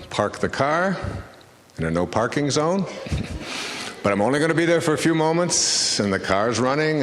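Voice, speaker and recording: Man, lowish voice, conversational storytelling lecture, acts out voices, large echoey hall, long reverb. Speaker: motivational speaker. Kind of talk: storytelling lecture to a live audience.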